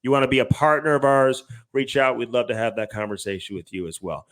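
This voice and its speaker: A man's voice: medium pitch, fairly even intonation, quick pace, a bit bright. A man co-hosting a podcast in casual chat, laid-back and chuckling through sponsor reads. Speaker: podcast co-host.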